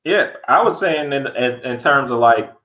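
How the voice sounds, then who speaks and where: A man co-hosting a podcast in casual chat, blunt and animated, acting out heated quotes. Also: mid-range voice, normal speed, roomy sound, poor audio. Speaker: podcast co-host.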